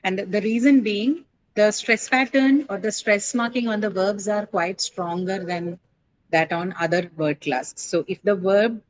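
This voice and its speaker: A woman teaches English word stress in a classroom lecture, explaining patiently, quizzing students, and frequently checking in with "right?". Her voice is medium-pitched and a little slow, and the recording is rough.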